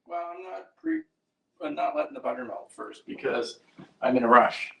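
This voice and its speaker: A man's voice: fairly high pitch, expressive, moderate pace, vocal fry, sharp tone, low-quality recording. A middle-aged man cooking on a live vlog, answering with dry, brief remarks. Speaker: cook, co-host.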